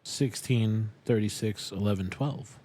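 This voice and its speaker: A man's voice: lowish voice, unhurried, dark tone. A man reviewing whiskey with friends in casual chat, joking and teasing. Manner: joking, teasing, laughs often.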